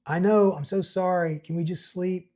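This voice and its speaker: A man's voice: high voice, fairly even intonation, moderate pace, dark tone, pitched above the performer's own voice, close to an everyday voice. A man voicing a frightened young woman who stammers flustered apologies. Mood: shaken, apologetic.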